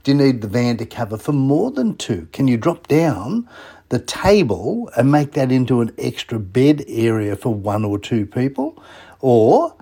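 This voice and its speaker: A man hosts a casual radio segment, his voice slightly husky. His pitch swings up and down with animation as he chats. He keeps tossing rhetorical questions to his listeners. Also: mellow. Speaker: radio show host.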